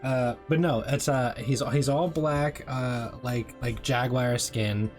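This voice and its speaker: A man's voice: mid-range voice, slow. A man playing a tabletop game, describing his character in a rambling, hesitant way. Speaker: player. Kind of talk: casual tabletop chat. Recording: faint background music.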